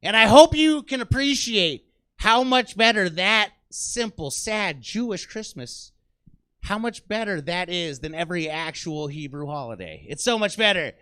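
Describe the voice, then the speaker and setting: A male stand-up comedian rants with exasperated, self-deprecating bite in a small theater. His voice is unusually high and bright. He jumps around in pitch as he works the crowd on a handheld mic. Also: lively intonation, measured pace, clean tone.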